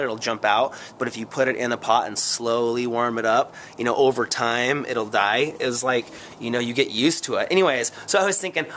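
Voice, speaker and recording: A man chatting casually to camera in a vlog, rambling and excitable, sore after a long run, poking fun at himself between plenty of fillers. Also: mid-range voice, a little hiss or hum. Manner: rambling, excitable, self-mocking, lots of fillers. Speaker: vlogger.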